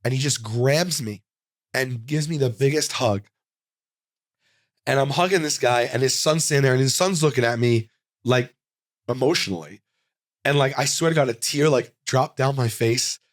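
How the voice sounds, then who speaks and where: A man's voice: mid-range voice, moderate pace, long pauses, no echo. Chatty man telling a story in a dry studio. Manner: animated, rambling, with frequent fillers and restarts. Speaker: comedian guest. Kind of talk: casual interview storytelling.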